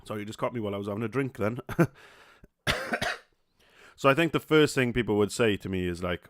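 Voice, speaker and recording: A man's voice: lowish voice, brisk, long pauses, no echo, clean studio sound. A young man with a Welsh accent hosting a solo podcast, talking casually with many fillers, restarts and swear words. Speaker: podcast host.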